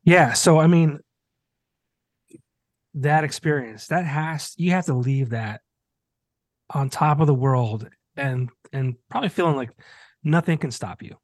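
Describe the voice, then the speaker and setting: A man's voice: on the high side, unhurried, pauses often, no room sound. A man hosting a podcast, encouraging his guest and often restarting his sentences. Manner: hesitant, many restarts, encouraging. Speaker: podcast host. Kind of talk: casual podcast interview.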